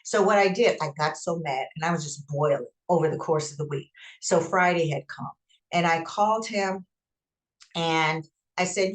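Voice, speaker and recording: A woman hosting a podcast, telling a personal story in an emphatic, animated way and acting out what people said. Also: on the low side, moderate pace. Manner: emphatic, animated retelling with acted-out quotes. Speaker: podcast host.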